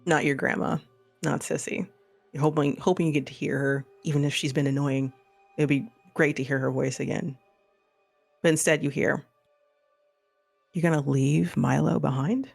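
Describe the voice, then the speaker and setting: A man's voice: fairly high pitch, little pitch movement, moderate pace, vocal fry. A man with a Missouri accent, narrating a tabletop horror game as game master in a casual, rambling way. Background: faint music.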